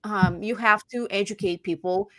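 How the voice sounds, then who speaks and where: A woman real estate agent chatting casually about home buying, animated and voicing her clients' lines. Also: mid-range voice, normal speed, dry recording, studio quality. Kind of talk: casual chat.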